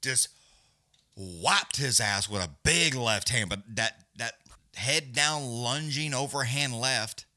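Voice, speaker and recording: A man's voice: mid-range voice, takes it slowly, pushed and bright, no room sound, studio quality. A man giving loose, profane, casual live fight commentary as a companion-stream host. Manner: profane, blunt, loose, Southern-leaning slang.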